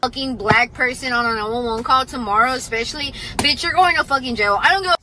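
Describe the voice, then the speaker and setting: A woman's voice: high voice, bright, forceful tone, poor audio. A woman, a police officer, telling a story as a casual, heated rant full of swearing. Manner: profane, rapid, heated.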